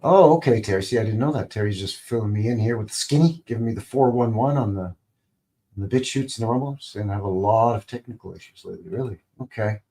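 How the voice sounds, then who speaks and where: A man's voice: lowish voice, fast, mellow. A man hosting a live stream, talking casually in a rambling, conversational way, full of "you know" and "right?".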